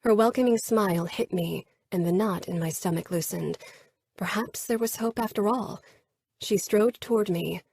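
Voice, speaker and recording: Woman reader for first-person romance narration, breathy and close. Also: mid-range voice, moderate pace, darkish tone. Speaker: audiobook narrator.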